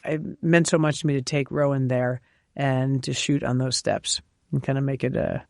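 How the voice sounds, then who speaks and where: A woman chef from New York, a guest on an interview show, telling lively stories with frequent laughs and fillers. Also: a bass voice, normal speed, gravelly, no room sound, clean studio sound. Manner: animated storyteller, laughs often, many fillers. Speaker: chef and cookbook author, guest. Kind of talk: casual interview chat.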